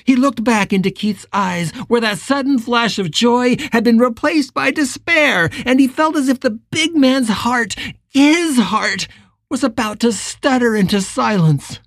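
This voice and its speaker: A woman narrating an audiobook in a measured, emotive way, read close to the mic. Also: mid-range voice, no room sound.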